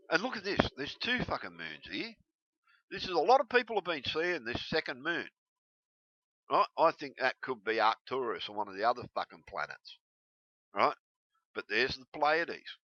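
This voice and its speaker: A man ranting heatedly to camera, swearing constantly and breaking into yelled bursts. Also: mid-range voice, no echo. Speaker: video blogger. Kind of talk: angry profane rant to camera. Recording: dull lo-fi recording.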